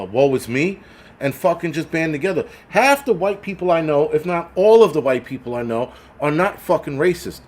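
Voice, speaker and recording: Blunt, foul-mouthed ranting man. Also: on the high side. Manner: blunt, heavily profane, repetitive restarts. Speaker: livestream host. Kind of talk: ranting livestream chat, reading donations.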